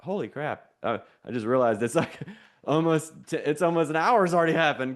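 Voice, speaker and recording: Guy preaching a sermon, kinda high voice, chatty and fired up, gets everyone to repeat after him. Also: normal speed. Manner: call-and-response, repetitive.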